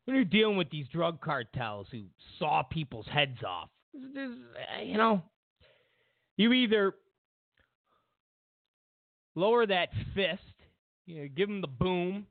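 A man's voice: high voice, no echo. A man hosting a political commentary show, rambling with many fillers and restarts and mimicking others mockingly. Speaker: show host. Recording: dry tinny phone-like sound.

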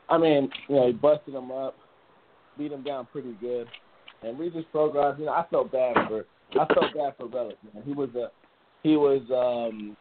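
A man's voice: mid-range voice, slight background noise. A man hosting a casual boxing talk show, rambling with frequent restarts and easy laughter. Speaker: boxing podcast host. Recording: tinny phone-like audio.

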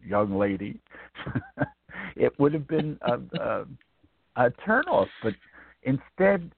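A man's voice: medium pitch, no room sound. A man in his eighties from Brooklyn, an author answering interview questions in a rambling, reflective way with many ums and restarts. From Brooklyn, New York. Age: 80s. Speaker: author guest. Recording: tinny dry phone line.

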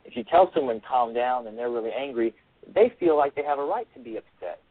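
A man's voice: medium pitch, lively intonation, brisk, dry recording. A male author giving a radio interview over the phone, earnest and repeating his phrases as he explains. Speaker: author and guest. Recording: tinny phone line.

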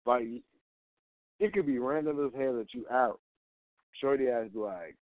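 A low-voiced man rants bluntly and profanely, circling back to the same complaints with question after question. His voice is dry and close, squeezed into a thin, phone-like band. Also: fairly quick, pauses often, no echo. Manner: blunt, profane and repetitive, hammering each point with rhetorical questions. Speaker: host of a rant show. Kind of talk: casual profane rant. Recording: dry, tinny phone-like sound.

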